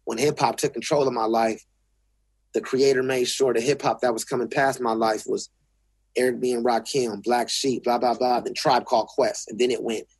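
Husky, profane Los man. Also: mid-range voice, flat delivery, moderate pace, no echo. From South Central Los Angeles. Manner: blunt, profane, restarts often. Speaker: guest. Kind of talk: casual interview talk.

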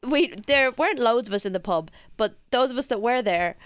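A woman co-hosting a casual football podcast, laughing often and retelling matches in an animated way. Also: fairly high pitch, a little fast. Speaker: podcast co-host.

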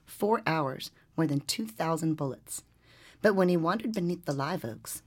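A woman reporter tells a story with lively energy. Her voice is low and a little husky. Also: normal speed. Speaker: newspaper reporter, podcast regular. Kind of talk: storytelling and casual chat.

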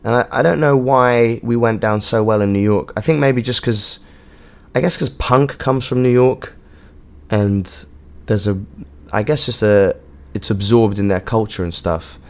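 An English man with a somewhat low voice talks off the cuff as host of his own show. He rambles from one thought to the next, swears freely and fills the gaps with ums and likes. His tone is joking and loose, a one-person chat. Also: unhurried. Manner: rambling, sweary, jokey, with frequent fillers. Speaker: podcast host and touring musician. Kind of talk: casual monologue. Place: hotel room.

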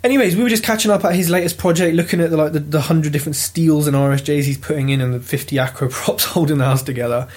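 A British man telling a property auction story in a lively, casual vlog, swearing freely as he goes. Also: fairly high pitch, fast, hardly any pauses. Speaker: property investor vlogger. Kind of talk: casual chat.

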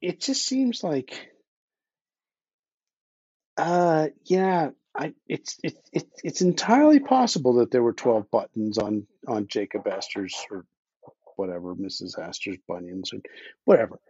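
A man's voice: medium pitch, lively intonation, measured pace, a little mellow, breathy edge, no echo, muffled recording. A man speaking as a podcast guest in casual conversation, blunt and opinionated, swearing now and then, often restarting his sentences, while he has the hiccups. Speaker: podcast guest, underwater explorer.

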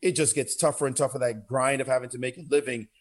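A man's voice: mid-range voice, fairly even intonation, fast talker. A man from New York, a guest on a podcast, speaking in a plain, reflective way. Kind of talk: casual interview talk.

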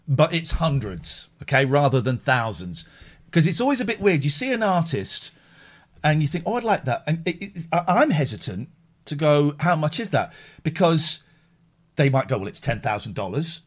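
Lively man hosting a stream. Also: a little high, normal speed. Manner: animated, acts out voices in anecdotes. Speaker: livestream host. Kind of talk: casual chat.

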